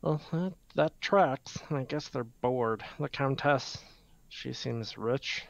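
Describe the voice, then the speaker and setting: A man's voice: mid-range voice, takes it slowly, creaky, no echo. A man doing a brash, blunt goblin. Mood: wry. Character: brash adult goblin adventurer. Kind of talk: tabletop game role-play. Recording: dull, dry lo-fi mic.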